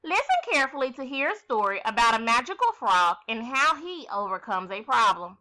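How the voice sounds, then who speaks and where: A woman teaching a first grade lesson, reading a story aloud and asking the children questions in a clear, expressive way. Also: a little high, a little fast.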